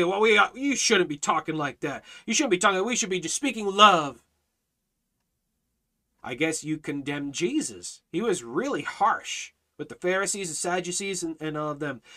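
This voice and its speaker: A man teaching a Bible study in a fiery preaching style, hammering his points with repeated phrases and rising to near shouts. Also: high voice.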